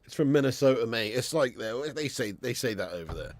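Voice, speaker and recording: A man's voice: mid-range voice, expressive, brisk, dry recording. A man hosting a live watch-along stream, chatting casually with viewers, reading out their comments, swearing and laughing often.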